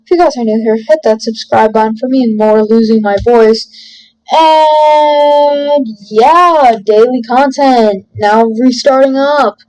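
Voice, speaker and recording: A woman's voice: fairly high pitch, slow, a little mellow, smooth, rough recording. A woman hosting a let's play video, reading game text aloud and breaking off for jokey asides. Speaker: gaming video host.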